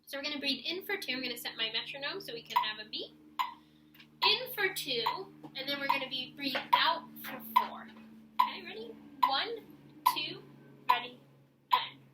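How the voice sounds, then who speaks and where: A young woman teaching saxophone students to stretch and breathe, guiding them step by step and showing sighs and deep breaths herself. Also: animated, normal speed, roomy sound, noisy background. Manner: encouraging, demonstrates breaths and sighs. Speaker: music teacher. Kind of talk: instructional video for young students.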